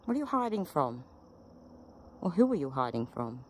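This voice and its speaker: A woman's voice: a bass voice, big pitch swings, moderate pace, slight background noise. A woman paranormal investigator outdoors in a cemetery, asking spirits polite, coaxing questions. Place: outdoors in a cemetery beside a road. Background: cars passing faintly.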